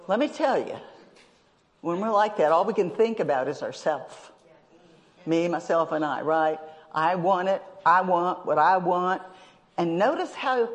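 Woman preacher, sermon, joking and chuckling, talks to the congregation, long hall reverb. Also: lowish voice.

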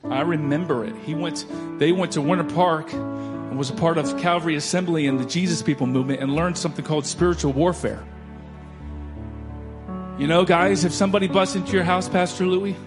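A man preaches a sermon with a fairly high voice, rising into loud declarations and dropping to quiet storytelling. Soft music plays faintly underneath him. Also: fairly even intonation, moderate pace. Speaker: pastor.

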